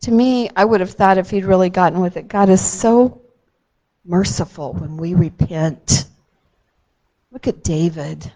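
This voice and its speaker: A woman tells a Bible story to a child in a gentle, unhurried way. She leans into key moments with dramatic emphasis, then softens again. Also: lowish voice, low-quality recording.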